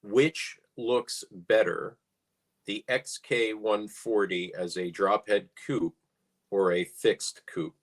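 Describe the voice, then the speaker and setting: Relaxed low-voiced man chatting about cars. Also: slow. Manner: relaxed, musing, dry humor. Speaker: podcast co-host. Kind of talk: casual car chat.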